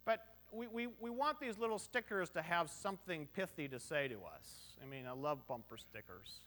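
A man's voice: on the high side, expressive, normal speed, a bit bright. A middle-aged man preaching a sermon in a conversational, joking way, full of rhetorical questions and short on sleep. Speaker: pastor.

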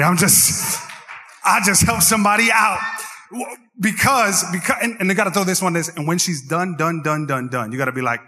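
Man, pastor, animated sermon, bright forceful voice, high pitch. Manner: animated preaching, jokes with the crowd, singsong rises. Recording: long hall reverb.

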